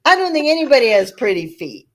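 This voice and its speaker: A woman's voice: high voice, fast talker. An older woman, hosting a casual chat and telling stories with laughter. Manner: lively storytelling with laughter, acting out voices. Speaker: channel host.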